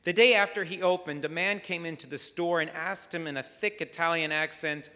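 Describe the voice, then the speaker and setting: A man preaching a sermon as rabbi, measured and reflective, weaving stories into his message. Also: on the high side, bright, forceful tone. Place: synagogue sanctuary. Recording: long hall reverb.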